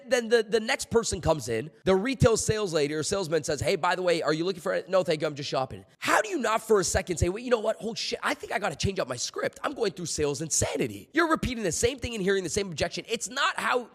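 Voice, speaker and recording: A man delivering a punchy sales coaching talk, his pitch sitting a little high and swinging widely as he hammers home each point. He repeats himself for emphasis and drops the odd curse, heard through a long hall reverb. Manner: emphatic, repeats key points, swears casually.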